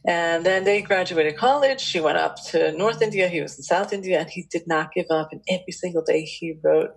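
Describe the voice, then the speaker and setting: A woman speaking as a relationship expert, telling stories from her interviews in an animated, rambling way with many restarts. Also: fairly low pitch, brisk, creaky, breathy edge, low-quality recording. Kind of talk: storytelling interview answers.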